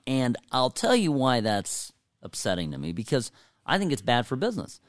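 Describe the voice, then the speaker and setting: A man co-hosting a podcast in casual chat, telling stories with animated delivery and acting out quoted staff. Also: mid-range voice, normal speed, dry recording, clean studio sound. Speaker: podcast co-host.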